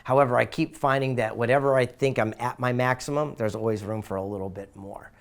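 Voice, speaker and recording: A man's voice: mid-range voice, quick pace. A middle-aged man from the United States, a guest in an interview, telling stories with enthusiasm and acting out voices as he goes. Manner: enthusiastic, acts out voices in anecdotes. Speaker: interview guest, author and speaker. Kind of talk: animated storytelling in an interview.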